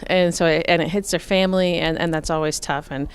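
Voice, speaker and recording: A middle-aged woman with a low, deep-set voice talks through farm finances as a radio interview guest. Her tone is smooth and resonant, and she speaks steadily, pausing on fillers as she explains each point. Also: steady tone. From Nebraska, USA. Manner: measured, explanatory, many fillers.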